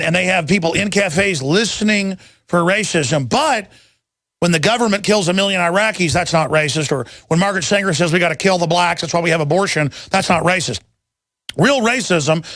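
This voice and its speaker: Gravelly man, sarcastic rant. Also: fairly bright tone, no echo, studio quality. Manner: ranting, sarcastic, frequent restarts and pitch jumps. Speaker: talk show host. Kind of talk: animated political monologue.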